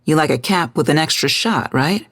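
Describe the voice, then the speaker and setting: A woman's voice: sits low, lively intonation, moderate pace, a bit bright, no echo, clean studio sound, exaggerated voice. A woman voicing a sheepish young man who speaks earnestly and apologetically, in a story reading. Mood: apologetic.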